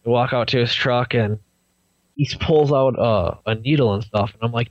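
Young man, podcast guest, animated storyteller, dry, muffled audio. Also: medium pitch, moderate pace, no room sound. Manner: animated storyteller acting out quotes. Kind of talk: recounting a personal story.

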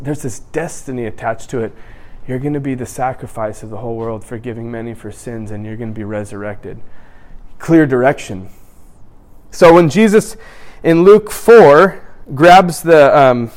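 A man preaching a sermon in an animated way, acting out scripture scenes in different voices. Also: mid-range voice, measured pace.

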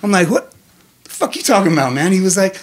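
A man in his thirties, a podcast guest, tells profane stories in casual chat, laughing and animated throughout. His voice is high and fast.

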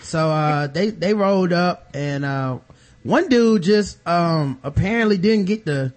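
A man's voice: a little high, unhurried. A man hosting a podcast in casual chat, animatedly retelling a TV episode and acting out the characters in slang. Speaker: podcast host.

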